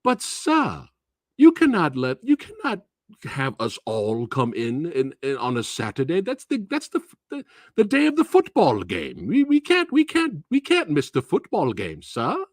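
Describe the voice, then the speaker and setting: A man's voice: fairly high pitch, huge pitch swings, measured pace, no room sound, clean studio sound, voice pushed up, heavily acted. A man voicing polite, menacing teenage schoolboys who call everyone sir. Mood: pleading. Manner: overly formal, calls everyone sir.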